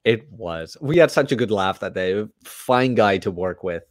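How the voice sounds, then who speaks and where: A man's voice: lowish voice, unhurried, dry recording, clean studio sound. A man from the Netherlands with a Dutch accent, a guest joking and telling stories in casual chat. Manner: joking storyteller, does animated voices in anecdotes.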